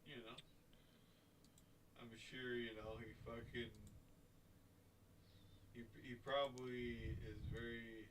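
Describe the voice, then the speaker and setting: A man's voice: medium pitch, little pitch movement, slow, long pauses, fairly bright tone, slight background noise. A man giving blunt, profane opinions in casual chat. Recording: voice distant from the mic.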